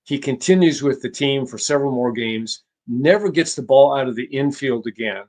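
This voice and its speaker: A man at a middle pitch speaks as a guest author in a conversational interview. He tells his stories at a measured pace. He often halts and restarts his phrases. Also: a little mellow. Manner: measured, halting with frequent restarts. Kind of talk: conversational storytelling.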